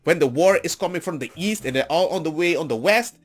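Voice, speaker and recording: A man giving a rambling, animated political rant with mocking asides. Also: a little high, brisk, soft background music. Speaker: political commentator. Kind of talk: ranting commentary.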